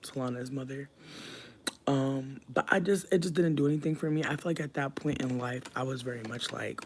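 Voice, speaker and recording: Young adult streamer, casual live chat, profane and animated storyteller who swings from loud, high bursts to quiet asides. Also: a little fast, slight background noise. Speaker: livestreamer reading chat.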